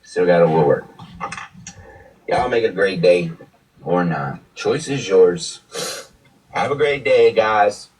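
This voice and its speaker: A man with a congested throat chats casually, cursing and circling back to the same lines. His voice sits on the low side. He sounds a little distant from the mic, with faint ambient noise behind him. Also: slow pace, long pauses, darkish tone. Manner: profane, repetitive, upbeat. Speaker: streamer. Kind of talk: casual vlog chat.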